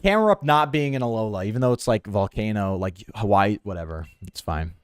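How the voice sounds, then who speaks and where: A man's voice: on the low side, animated, brisk, clean tone, no echo, studio quality, soft background music. A young man streaming a game, rambling sarcastically with his chat in slangy, offhand talk. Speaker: gaming streamer. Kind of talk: casual let's-play commentary with chat.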